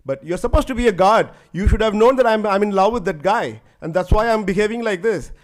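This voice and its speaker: A spirited, defiant young woman from an ancient love poem, put on by a man telling her story. The voice sits fairly high and carries a lively, scolding edge. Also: fairly quick.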